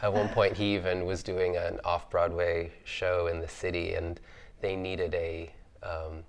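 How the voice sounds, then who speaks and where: Low, gravelly male panelist; thoughtful, conversational storyteller. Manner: thoughtful, many fillers, laughs easily. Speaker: artist on a roundtable panel.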